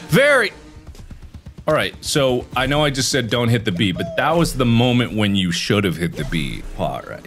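A young man giving let's play commentary while he rages, swinging from low mutters to loud frustrated yelling. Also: sing-song, normal speed, over music. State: frustrated and raging. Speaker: gaming video creator.

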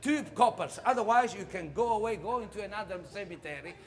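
A man's voice: sits high, lively intonation, fast. A man playing a greedy, grumpy cemetery caretaker who scolds and shoos people away in a comic monologue. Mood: scolding.

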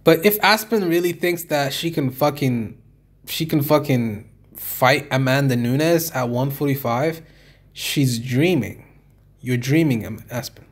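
A man's voice: medium pitch, unhurried, husky. A man giving an exasperated, profane review of a fight, swearing and repeating himself.

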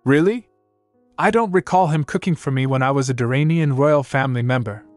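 A man voicing a cool, sharp-tongued young empress with a dry, mocking tone. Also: mid-range voice, brisk, no echo, soft background music, close to an everyday voice.

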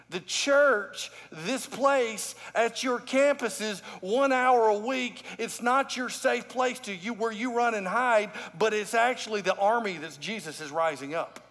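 A man preaches a sermon in a high, ringing voice. He talks to the congregation like a conversation, pressing his points with emphasis. His voice carries a long reverb from a large church sanctuary. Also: slow pace, gravelly, fairly bright tone. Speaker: lead pastor.

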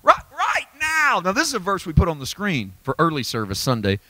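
A middle-aged man preaching a sermon in a church, swinging from shouted, high-pitched peaks to low, quiet reflection. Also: big pitch swings, fast talker, no echo. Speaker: pastor.

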